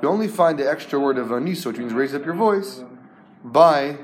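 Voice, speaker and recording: A man's voice: medium pitch, expressive, a little fast. A man teaching a Talmud class to students, explaining with rhetorical questions and repeating words as he translates terms.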